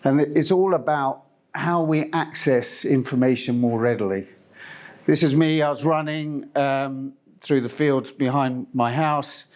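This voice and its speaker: A man's voice: mid-range voice, unhurried, darkish tone. Rambling middle-aged man giving a talk. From Zimbabwe. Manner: chatty and meandering, with many fillers and restarts. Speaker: company presenter. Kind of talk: conference presentation.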